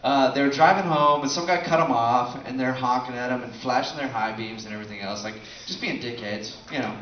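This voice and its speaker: A man's voice: medium pitch, brisk, slight background noise. A man doing a loose, profane stand-up set, chatting with the crowd and laughing often. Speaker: stand-up comedian. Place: comedy show at a bar venue. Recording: echoey room, distant mic, dull sound, audience laughter. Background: audience laughter.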